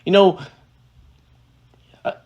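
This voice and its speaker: A man's voice: drawn-out words, a little mellow, dull audio. A man giving casual reaction commentary on a political speech, ranting in a sarcastic, profane, exasperated way.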